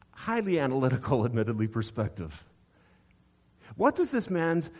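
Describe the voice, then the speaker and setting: A man's voice: medium pitch, a little mellow. A male pastor delivering a sermon in an easy conversational style, often turning to his listeners with rhetorical questions. His voice sits in a plain mid range for a man. He varies his delivery as he builds a point.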